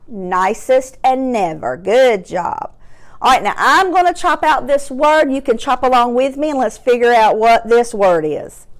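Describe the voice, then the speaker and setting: A woman teaching a phonics lesson to young children, breaking words into slow, clearly separated sounds and encouraging them along. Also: on the high side, animated.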